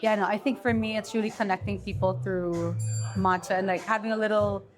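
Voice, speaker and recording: A woman's voice: medium pitch, fairly even intonation, fairly quick, soft background music. A young woman from the Philippines, a guest in a casual interview, talking in a bubbly, emotional way with lots of "like". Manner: bubbly, emotional, heavy use of "like".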